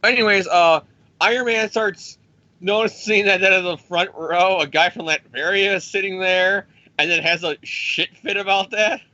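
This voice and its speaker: A man's voice: high-pitched, pushed and bright, dry recording, lo-fi sound. A man casually recapping a comic storyline, rambling and profane, and briefly voicing the characters as he goes. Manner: rambling, profane, acts out characters in quick impressions. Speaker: comic book podcast host.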